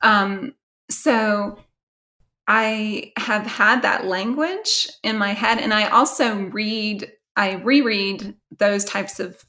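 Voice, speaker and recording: A woman's voice: medium pitch, slow pace, bright, forceful tone. An American woman author chatting casually in an interview, with frequent fillers and easy laughter. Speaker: author guest.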